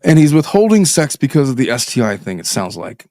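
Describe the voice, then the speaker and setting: A man's voice: mid-range voice, very animated, brisk, a little mellow, no room sound, studio quality. Sardonic, profane man reading a listener's story. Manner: sardonic, profane, reads listener letters aloud. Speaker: podcast host, divorce attorney. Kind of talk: casual podcast chat.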